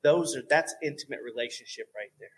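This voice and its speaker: A man telling lively stories about faith in a casual talk, going soft and low at times for emphasis. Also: brisk, slightly rough. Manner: animated storyteller, drops to a soft voice for emphasis.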